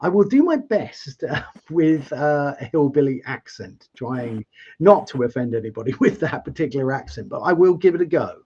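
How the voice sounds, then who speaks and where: A man's voice: fairly high pitch, expressive, normal speed, warm tone, a little hiss or hum. A man hosting a live interview show, asking long, rambling questions in a chatty way over a video call. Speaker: host. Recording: dull lo-fi sound.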